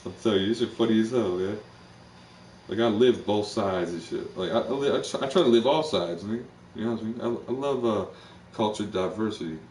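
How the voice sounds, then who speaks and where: A man's voice: fairly low pitch, a little fast, darkish tone, a little hiss or hum. A man live streaming, chatting casually in a rambling, profane way full of slang. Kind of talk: casual chat. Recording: roomy, distant mic with faint ambience.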